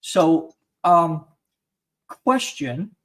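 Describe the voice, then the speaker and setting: A man's voice: a little high, very animated, very slow. Wry joking male host. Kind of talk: casual chat. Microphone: video call.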